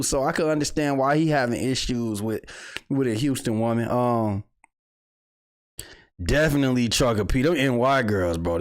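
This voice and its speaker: Male livestream host, casual commentary, jokey, swings loud to low, mid-pitched voice. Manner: loose and jokey, swings between loud bursts and low mutters.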